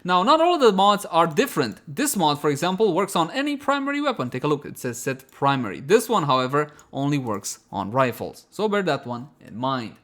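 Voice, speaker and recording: A man talks viewers through a video game guide in a slightly raised voice. He is chatty and animated, calls his audience his friends, and pokes fun at himself along the way. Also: on the high side, a little fast, few pauses. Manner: chatty and self-mocking, often breaking into laughter. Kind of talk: voice-over gameplay guide.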